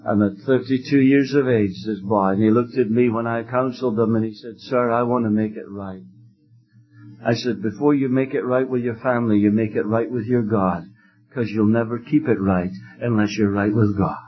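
A man preaching an evangelistic sermon, telling stories fervently and emphatically, with loud exclamations at times. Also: fairly low pitch, steady tone, normal speed, dull audio, faint music behind.

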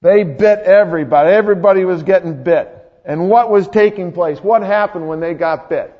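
High-voiced pastor preaching in a hall. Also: male voice, moderate pace. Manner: conversational, quizzes the congregation. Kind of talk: sermon. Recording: echoey hall, dull lo-fi sound.

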